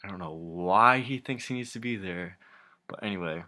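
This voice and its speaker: A man's voice: low voice, normal speed, bright, forceful tone. A young man ranting casually to camera, rambling and exasperated, swearing a lot and often breaking into laughter. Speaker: vlogger.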